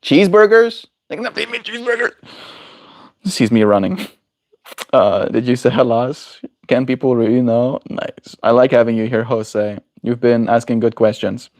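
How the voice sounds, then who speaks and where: A man's voice: medium pitch, fairly even intonation, normal speed, warm tone. A man streaming live, musing in a casual way and answering his chat's questions. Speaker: daily livestreamer. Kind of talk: casual livestream chat with viewers.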